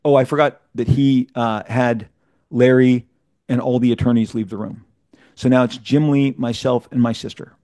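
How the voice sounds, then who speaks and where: A man in mid-range pitch tells a long story as an interview guest. He is animated and often trips over his words, restarting phrases and repeating himself as he pushes ahead. The recording is dry and close, with no room around it. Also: normal speed, dry recording. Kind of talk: casual anecdotal storytelling.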